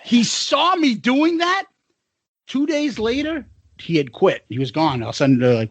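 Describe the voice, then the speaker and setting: Middle-aged male podcast co-host, high and lively, laughs a lot, swears freely. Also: moderate pace, husky, no echo. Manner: laughs through his stories, profane and animated. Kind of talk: casual chat, storytelling.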